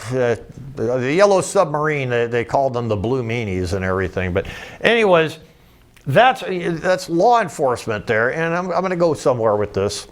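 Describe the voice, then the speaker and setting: A man giving an informal, rambling lecture over slides as a political commentator, often restarting his sentences and adding wry asides. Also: a little high. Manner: rambling, digressive, with frequent restarts.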